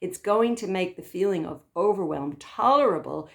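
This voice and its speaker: A gentle woman talks things through as a therapist, calm and thoughtful. Her speech moves in soft, unhurried phrases, and she often pauses to find the right word. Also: on the low side, vocal fry. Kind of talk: reflective spoken talk to camera.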